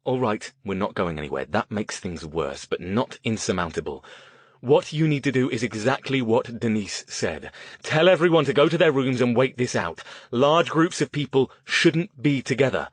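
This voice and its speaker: A male narrator voicing a brisk, terse mage, clipped and urgent. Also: mid-range voice, expressive, slightly rough, no room sound.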